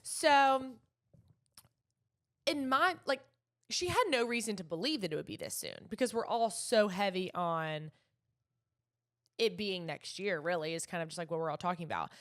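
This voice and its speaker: A woman's voice: fairly low pitch, moderate pace, long pauses. Girl co-hosting a podcast, chatty, acts out every line of dialogue. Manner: animated storytelling with quoted dialogue. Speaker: podcast co-host. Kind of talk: casual chat.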